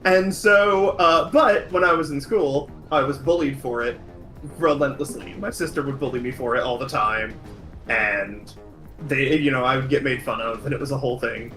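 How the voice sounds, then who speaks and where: A man from New England with a general American accent, chatting casually as a streamer, rambling and correcting himself often, quick to laugh. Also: mid-range voice, bright, forceful tone. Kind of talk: casual chat while gaming. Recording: roomy echo with game music.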